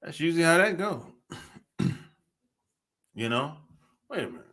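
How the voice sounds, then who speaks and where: Man, casual livestream chat, slangy and laid-back, lively swooping pitch, slow drawl, bright tone. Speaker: podcast host.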